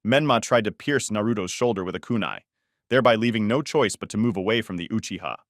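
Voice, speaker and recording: Low-voiced male story narrator. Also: fast, dry recording, studio quality.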